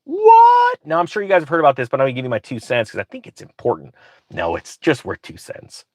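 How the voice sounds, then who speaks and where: A man's voice: medium pitch, very animated, fast, no room sound, studio quality. A man ranting sarcastically about bank news while recording from inside his truck. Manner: sarcastic, grumpy, mocking. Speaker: finance vlogger reading news. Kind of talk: ranting commentary.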